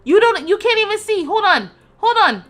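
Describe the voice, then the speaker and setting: Lively, bright-voiced woman streamer. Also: extremely high pitch, normal speed. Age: 30s. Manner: exasperated, dramatic rants with loud outbursts and laughter. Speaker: game streamer. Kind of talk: livestream gameplay commentary.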